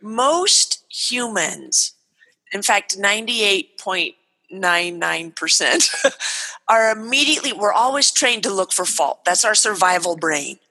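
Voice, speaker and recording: A woman's voice: medium pitch, slow, poor audio. A woman in her forties, a parenting author, talking animatedly in an interview and acting out what parents say to their kids. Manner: animated, acts out parent dialogue. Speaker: guest author and parenting speaker.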